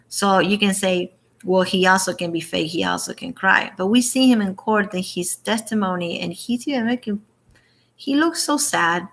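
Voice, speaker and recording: A woman's voice: fairly low pitch, bright, forceful tone. A woman talking in a casual opinion vlog, indignant and rambling, restarting her sentences and quoting others. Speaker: vlogger.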